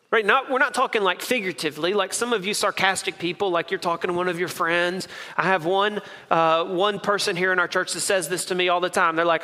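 A man's voice: high voice, brisk, bright, forceful tone. A man preaching a sermon as pastor of his church, stressing points through repetition. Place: church sanctuary. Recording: reverberant hall.

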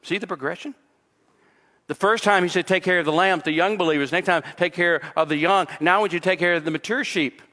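A man, a pastor, preaching an expository sermon, mixing scripture with personal stories and rising in pitch when he presses a point. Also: fast, bright, forceful tone, in a large hall.

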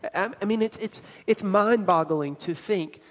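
A man preaching a sermon as pastor, emphatic and building to louder climaxes. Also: high-pitched, unhurried, long reverb tail.

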